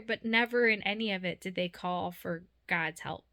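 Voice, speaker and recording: A woman's voice: mid-range voice, fairly even intonation, normal speed, sharp tone. A woman vlogging about a dream and her faith, talking earnestly and casually with many fillers.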